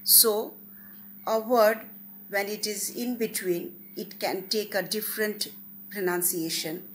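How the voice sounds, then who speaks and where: Woman, guest lecturer, slow and deliberate, faint background hiss. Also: mid-range voice, steady tone, fairly bright tone. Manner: measured, deliberate, stresses key words.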